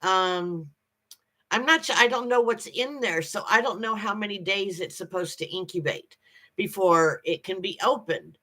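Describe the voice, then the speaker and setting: A woman hosting a casual livestream, greeting viewers by name and chatting in a halting way with lots of ums and restarts. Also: medium pitch, sharp tone. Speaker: livestream host.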